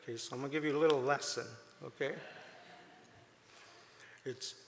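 A man giving a chatty, emotional testimony to a congregation, with many fillers and gentle jokes. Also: mid-range voice, fairly even intonation, normal speed, in a large hall. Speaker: church volunteer speaking to a congregation.

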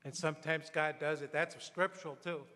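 A man's voice: a little high, steady tone, brisk, bright, forceful tone. A middle-aged man preaching a conversational sermon in a church, telling anecdotes and acting out quotes. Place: church sanctuary. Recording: long hall reverb.

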